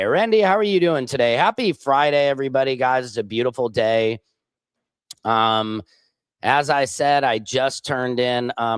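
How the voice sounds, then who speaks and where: A man's voice: medium pitch, clean tone, no echo. Male livestream host, casual rambling chat, dry close sound. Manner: rambling, chatty, reads viewer comments aloud.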